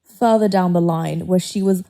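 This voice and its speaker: A young woman talks on a podcast with a mellow, darker tone. She gives blunt, emphatic advice in casual chat. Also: on the low side, steady tone, moderate pace, vocal fry. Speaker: podcast guest.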